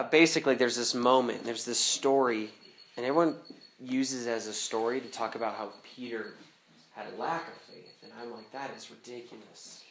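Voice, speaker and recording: A man's voice: medium pitch, normal speed, a bit bright, slight background noise. A man preaching a sermon as pastor at a camp gathering, talking casually and animatedly, often laughing as he goes. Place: camp meeting hall. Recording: echoey hall.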